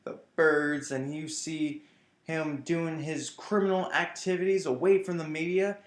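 A man gives a casual vlog review, enthusiastic and rambling. His voice sits a bit high for a man. The room around him is roomy and echoey. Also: steady tone, a little slow. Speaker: comic book reviewer.

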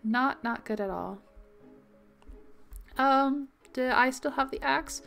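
Slow, chatty woman playing a game. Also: high-pitched, creaky, fairly bright tone, faint music behind. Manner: chatty, reading game text aloud, reacting with worried exclamations. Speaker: gaming video host. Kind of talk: let's play commentary.

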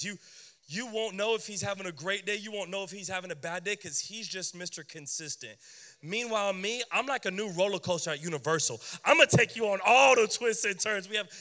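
A young man preaching a sermon to a youth crowd, animated and joking with the room. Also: high voice, long reverb tail. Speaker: youth pastor.

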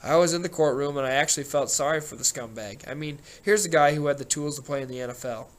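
A man voicing a gruff middle-aged male small-town sheriff, a rambling, folksy storyteller who grunts and growls his words. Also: a little high, fast, lightly acted. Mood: folksy storytelling.

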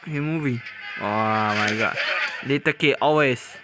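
A man hosting a reaction video, talking casually in halting English, often laughing and exclaiming. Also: mid-range voice, heavy background noise.

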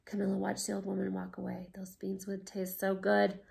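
A woman art teacher reading a picture book aloud with expressive, animated storytelling, then explaining a class project. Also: mid-range voice, a little fast, creaky.

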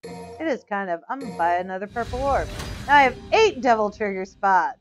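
A woman hosting a let's play, giving loud commentary full of exclamations and frustrated swearing. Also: medium pitch, animated, fairly quick. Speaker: gaming channel host. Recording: game music under the voice. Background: game music.

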